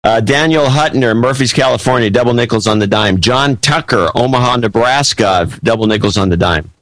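A man's voice: mid-range voice, fairly quick, fairly bright tone, no room sound, poor audio. A man co-hosting a podcast in casual chat, reading listener donations aloud in a matter-of-fact way. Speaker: podcast co-host.

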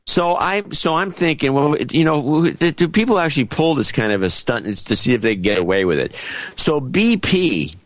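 A man co-hosting a talk show in casual chat, telling a story in halting restarts and sounding incredulous. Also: fairly high pitch, very animated, no echo. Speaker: podcast co-host.

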